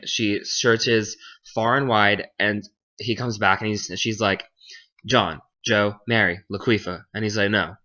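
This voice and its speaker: A man's voice: fairly low pitch, bright, forceful tone. A young man casually retelling a fairy tale in slang, flippant and jokey, briefly acting out the characters. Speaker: storyteller. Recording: dull lo-fi home recording.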